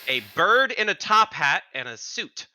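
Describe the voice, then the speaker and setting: A man narrating as game master in an animated, descriptive way. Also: high-pitched, a little slow, dry recording.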